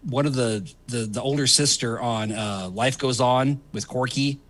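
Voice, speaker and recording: A man's voice: mid-range voice, measured pace, a bit bright. A middle-aged man hosting a casual comedy chat, rambling with fillers and laughing often. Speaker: host.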